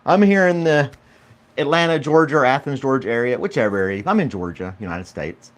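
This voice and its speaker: A man's voice: medium pitch, lively intonation, fairly quick. A man hosting a casual morning livestream, chatty and rambling, greeting viewers by name and laughing often. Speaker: podcast host.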